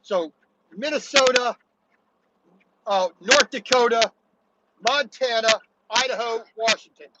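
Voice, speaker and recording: A man's voice: extremely high pitch, takes it slowly, long pauses. A man from Baltimore, a truck driver, chatting casually while driving, rambling with many restarts and "you know"s. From Baltimore, USA. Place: in a truck cab on the road. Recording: loud road and engine noise in a truck cab.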